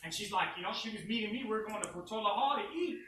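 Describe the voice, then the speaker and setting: A young man telling a class a personal story in an animated, profane way. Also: high-pitched, fast, background noise. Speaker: student speaker. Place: university classroom. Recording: echoey classroom from far off.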